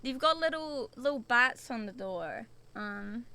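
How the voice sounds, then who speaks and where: A woman's voice: a little high, animated, a little slow, sharp tone, smooth. A young woman from the UK streaming a spooky VR game, chatty and jumpy, swearing often as she reacts. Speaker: VTuber streamer.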